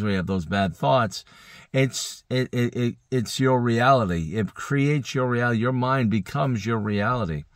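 A sleepy man gives an early-morning Bible teaching in an earnest, rambling way. He restarts his sentences and corrects himself as he goes. His voice sits in a middling range and sounds dry and close, with no room echo. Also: mid-range voice. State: sleepy, yawning. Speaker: preacher. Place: indoors.

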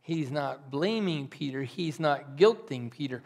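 Unhurried and animated, a man with a fairly high voice and vocal fry delivers a pastor's sermon. He's earnest and pleading, moving between loud climbs and soft drops that are almost whispers.

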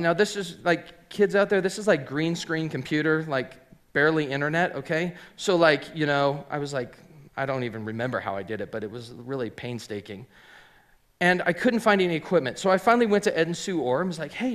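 A man's voice: a little high, a little fast, fairly bright tone. A middle-aged man telling a personal story live on a theater stage, chatty and full of fillers. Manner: chatty, filler-heavy, voices quoted people.

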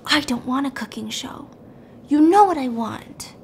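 A woman voicing a young wife who pleads in a hushed whisper, as whispered role-play. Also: sits high, lively intonation, unhurried, gravelly, slight background noise, exaggerated voice. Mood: hushed pleading.

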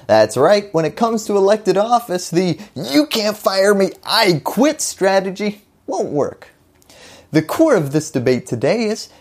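A woman's voice: deep voice, warm tone. A woman hosting a scripted political explainer, delivering it with wry, jokey asides.

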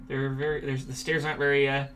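A man's voice: medium pitch, flat delivery, fast, fairly bright tone, a little hiss or hum. A man streaming a video game, joking and reacting with sudden jumpy outbursts while talking to chat. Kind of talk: let's play commentary.

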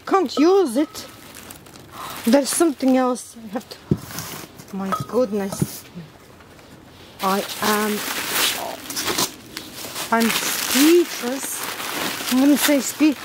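High-voiced woman gasping over an unboxing. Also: expressive, background noise. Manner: gasping and exclaiming, halting non-native English. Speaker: plant vlogger. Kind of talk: unboxing vlog.

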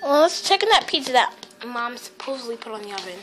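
Lively high-voiced girl acting out a story. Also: fast, a little hiss or hum. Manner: lively, rambling, restarts lines. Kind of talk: acting out a toy story, doing all voices.

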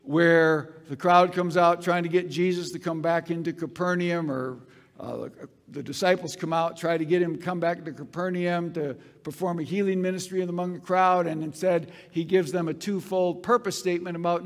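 Male pastor with a high-pitched voice, emphatic sermon delivery, repeats key phrases, lingering church reverb. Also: normal speed. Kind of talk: expository sermon. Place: church sanctuary. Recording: long reverb of a church hall.

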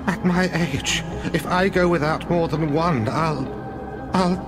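A man's voice: on the high side, slow pace. An actor playing a frightened older man who pleads and falters, in an audio drama with music behind him. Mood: pleading.

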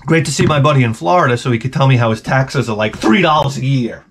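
A man's voice: mid-range voice, quick pace, a bit bright, a little hiss or hum. A middle-aged man from Long Island, telling stories in a profane, sarcastic, rambling vlog monologue. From Long Island, New York. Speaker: vlogger.

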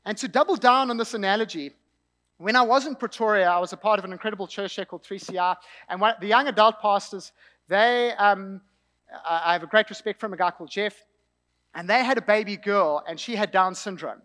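Young south african man preaching, high voice, chatty storytelling sermon. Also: a little fast, sharp tone, in a large hall. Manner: conversational storytelling with asides and light laughter.

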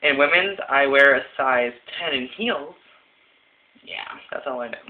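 A man's voice: mid-range voice, a little slow. A young man vlogging casually into a phone, giggly and rambling with lots of fillers. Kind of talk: casual tag video chat. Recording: tinny phone-quality audio.

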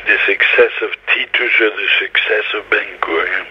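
A man's voice: lowish voice, normal speed, slight background noise. A man, a rabbi, giving an impassioned Torah lecture full of rhetorical questions. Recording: dull lo-fi recording.

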